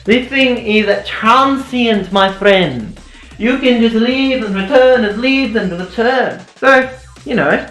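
A man's voice: slow, a bit bright. Sarcastic young man, roomy echo. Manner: sarcastic, mock-ranting, jumpy pitch. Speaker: YouTuber commentator. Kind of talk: rambling comedic commentary. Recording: roomy echo, faint music.

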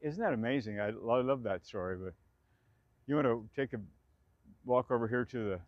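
Man, 60s, rambling reminiscence, laughs often, outdoors in a park, mid-pitched voice, dull lo-fi sound. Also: a little fast, no room sound. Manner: rambling, chatty, laughs often, restarts sentences. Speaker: former dancer recalling his theater days. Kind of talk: casual spoken reminiscence.

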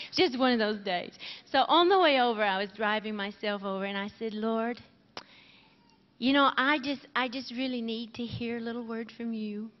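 A woman co-hosting a Christian TV show, giving an emotional, giggly testimony to a live crowd. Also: on the high side. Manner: giggly, emotional, laughs often. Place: large camp meeting hall with live audience. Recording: 1980s TV broadcast, lo-fi, reverberant hall.

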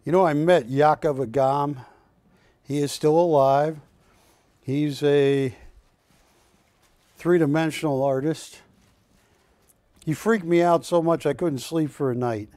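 Slow, dry-voiced man selling on live TV. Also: a little high, steady tone, mellow, dry recording. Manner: rambling anecdotal storytelling, self-correcting. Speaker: shopping channel host. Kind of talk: live TV sales presentation. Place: TV studio.

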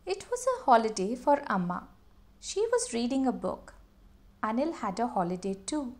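A woman reading a children's story aloud in a slow, expressive way, as host of her channel. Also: a little high.

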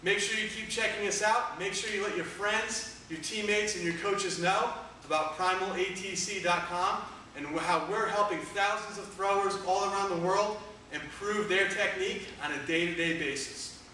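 A man coaching discus technique, giving energetic, emphatic cues in an instructional demo. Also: high-pitched, moderate pace. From United States. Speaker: throwing coach. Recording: echoey room, distant mic, faint noise.

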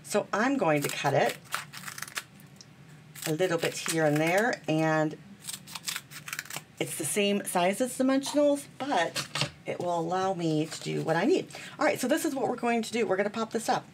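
A woman's voice: mid-range voice, expressive, normal speed, pauses often, background noise. A woman chatting bubbly and self-deprecating while she demonstrates card making at her craft table, talking to viewers as friends.

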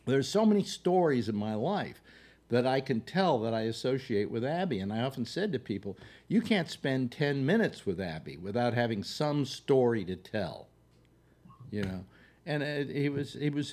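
A man's voice: mid-range voice, sing-song, a little mellow. An older man hosting a talk show, telling rambling anecdotes with many fillers and restarts. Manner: halting, full of fillers and restarts. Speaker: radio talk show host.

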